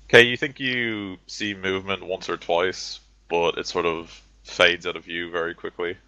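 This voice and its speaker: A man's voice: deep voice, little pitch movement, normal speed, bright, forceful tone, dry recording. A man narrating a tabletop game as game master, casual and full of fillers. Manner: casual, many fillers like "sort of" and "you know". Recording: dull lo-fi dry recording.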